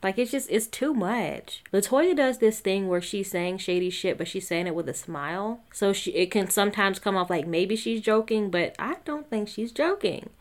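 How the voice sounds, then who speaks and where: A woman giving a casual, gossipy recap of a reality show, often quoting the cast in lively put-on voices. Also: mid-range voice, moderate pace, few pauses. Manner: chatty, gossipy, quotes the cast in animated voices.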